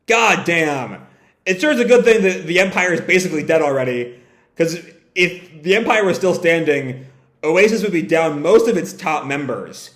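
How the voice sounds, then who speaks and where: Male manga reaction host, slightly high voice, reads character lines with energy, swears casually, echoey room. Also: lively intonation, moderate pace, a bit bright. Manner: reads dialogue aloud with raised pitch, swears casually. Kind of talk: live manga reading and reaction.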